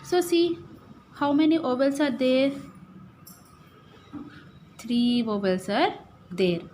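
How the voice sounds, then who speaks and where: A woman teacher with an Indian English accent, slowly explaining syllables to young pupils and often checking that they follow. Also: sits high, animated, warm tone, a little hiss or hum. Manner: slow, repetitive, checks understanding with "right?" and "okay". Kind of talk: classroom lesson, explaining syllables.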